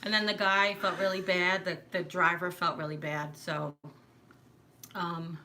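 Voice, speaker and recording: A woman's voice: on the low side, flat delivery, measured pace, sharp tone, a little hiss or hum. A woman from Long Island with a New York accent, chatting casually on a live stream, rambling and interrupting herself. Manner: rambling, self-interrupting, laughs often.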